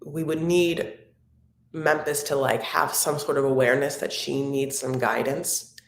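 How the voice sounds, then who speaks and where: A woman's voice: rumbling low, fairly even intonation, unhurried, creaky. A woman hosting a live recap stream, chatting casually and rambling fondly to her viewers. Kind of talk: casual chat reading viewer comments. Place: home room. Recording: roomy echo.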